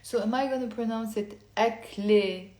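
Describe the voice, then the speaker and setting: A woman giving a casual online language lesson, talking low-key and quiet late at night, explaining step by step and having listeners repeat words aloud. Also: lively intonation, moderate pace. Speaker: Lebanese Arabic teacher. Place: indoor room at night. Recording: echoey room.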